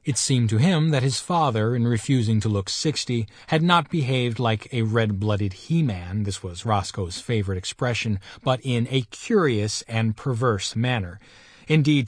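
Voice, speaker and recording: A man narrates a story in measured, expressive audiobook style. His voice sits in a middle range for a man. The recording is dry and close, with no room sound. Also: mid-range voice, no room sound. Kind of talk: scripted narration.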